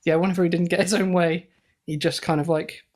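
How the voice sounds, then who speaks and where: A man's voice: high voice, little pitch movement, fast. A man co-hosting a podcast in casual banter, hesitant and giggly with many fillers. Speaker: podcast co-host.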